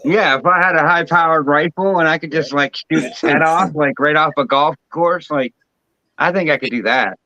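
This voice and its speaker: A man talking in a casual chat, halting and stammering with earnest repeats. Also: fairly high pitch, bright, forceful tone, dry recording. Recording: dull, dry lo-fi mic.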